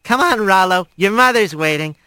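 A man's voice: high voice, lively intonation, normal speed, pushed and bright, clear, resonant tone, no room sound, studio quality, voice pushed up. A man voicing a male rat investigator who talks in a breezy, quippy, easygoing way. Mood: wry.

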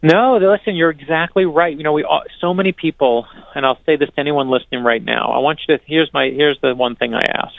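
A man tells a story with eager, earnest energy, doubling back on his words as he goes. His voice has a gravelly rasp. The sound is dry and thin, like a phone line. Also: on the high side, no echo. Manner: earnest, energetic, quick restarts and repetitions. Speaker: author, interview guest. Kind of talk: animated storytelling conversation.

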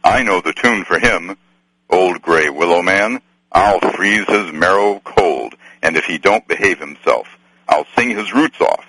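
A man's voice: deep voice, unhurried, sharp tone, husky, no room sound, heavily acted, poor audio. Man reading as Tom Bombadil, singing and rhyming. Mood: boisterous. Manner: rhyming, sing-song patter, old rustic dialect. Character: merry old rustic nature spirit, sing-song. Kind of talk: archival dramatic reading.

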